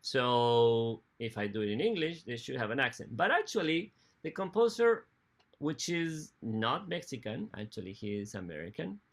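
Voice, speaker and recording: A man giving a talk on opera as a music director, halting and often correcting himself mid-sentence. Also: medium pitch, sing-song. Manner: halting, with frequent restarts and self-corrections. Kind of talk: lecture.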